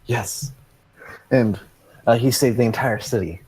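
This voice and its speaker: A man's voice: medium pitch, a little slow, darkish tone, breathy edge, low-quality recording. A young man playing in a tabletop game, tentative and thinking aloud. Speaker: player. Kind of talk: casual tabletop play.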